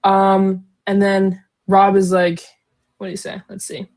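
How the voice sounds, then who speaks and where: A young woman co-hosting a casual book discussion, retelling chapters in an animated way with lots of fillers. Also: mid-range voice, a little slow. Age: young adult. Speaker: podcast co-host.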